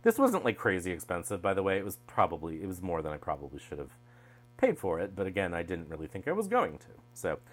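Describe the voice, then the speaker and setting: A low-voiced man talking casually over a card unboxing. His pitch swings widely as he tosses off wry asides and restarts sentences. A faint mains hum runs underneath. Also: huge pitch swings, fast talker, soft background music. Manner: chatty, wry asides, trails off mid-thought. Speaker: tarot deck reviewer.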